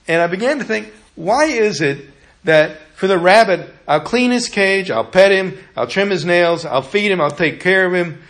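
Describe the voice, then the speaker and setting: A man's voice: high-pitched, animated, moderate pace, fairly bright tone. A middle-aged man preaching a sermon in a conversational way, telling personal stories and often repeating words as he talks. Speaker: pastor.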